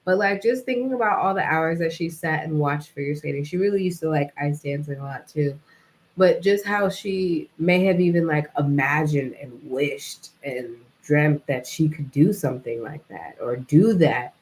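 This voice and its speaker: A woman's voice: low voice, moderate pace, low-quality recording. A young adult woman talking in a casual, reflective vlog monologue, rambling and filling her speech with "like" and "you know". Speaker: vlogger.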